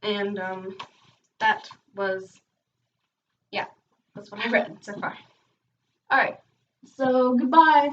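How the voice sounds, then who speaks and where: A woman reading a children's book aloud, expressive, breaking off now and then for casual chatty asides. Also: medium pitch, slow, long pauses. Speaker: reader hosting a read-aloud channel. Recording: dull, distant home recording.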